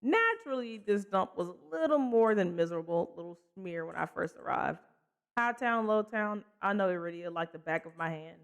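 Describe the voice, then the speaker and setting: A woman voicing a sly, mocking male stranger from a game, reading his lines in a smooth, teasing way. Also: medium pitch, expressive, moderate pace. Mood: smug. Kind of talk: reading game dialogue aloud.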